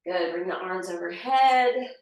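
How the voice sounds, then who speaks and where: A woman teaching a yoga class, calmly cueing poses and breaths step by step. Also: fairly low pitch, unhurried. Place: yoga studio. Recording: echoey room, voice from far off mic.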